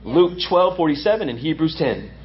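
High, lively emphatic male preacher. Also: normal speed, dull audio. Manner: emphatic preaching, repeats lines for effect. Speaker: pastor. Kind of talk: sermon.

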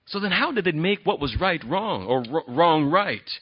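A male pastor delivers a sermon in a slightly high, husky voice. He is earnest, dropping to near-quiet and then rising to emphatic stress. The recording sounds dull and lo-fi. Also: lively intonation, moderate pace. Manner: earnest, swings between soft and emphatic.

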